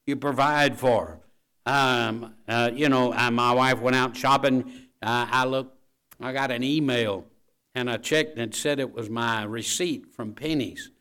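A man's voice: medium pitch, steady tone, a little slow, bright, forceful tone, clean tone. Folksy preacher man. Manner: conversational, tells jokes and home stories, keeps asking "all right?". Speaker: pastor. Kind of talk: folksy sermon.

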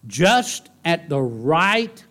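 A man preaching a sermon in church, folksy and animated, often asking the congregation rhetorical questions. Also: fairly high pitch, very slow. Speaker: pastor.

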